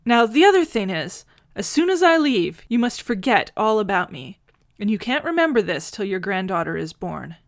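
A woman voicing a brisk, affectionate time-travelling woman who talks quickly and fondly. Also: medium pitch, very animated, no echo, clean studio sound. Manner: brisk and fond.

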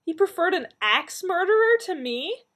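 Brief: a frantic, hot-tempered young woman, pitched high and all over the place, read by a husky-voiced female narrator. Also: big pitch swings, normal speed, full character voice. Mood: agitated. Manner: exasperated, pitched up and emphatic. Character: agitated confused adult woman, quick-tempered.

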